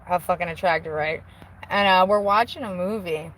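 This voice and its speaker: A woman's voice: fairly low pitch, moderate pace, a bit bright, slight background noise, low-quality recording. A woman in her forties chatting casually on a live stream from a car, candid and self-mocking, swearing freely. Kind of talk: casual rambling chat. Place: inside a car with the window open. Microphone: handheld phone.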